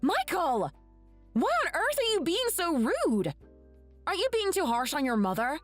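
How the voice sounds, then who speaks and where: A woman voicing an indignant young wife in an animated story, scolding in a shocked way. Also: a little high, moderate pace, no room sound, faint music behind.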